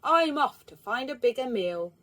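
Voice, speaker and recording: A woman voicing a greedy, hungry man who speaks loudly and brusquely for a storybook reading. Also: sits high, lively intonation, normal speed, pitched above the performer's own voice.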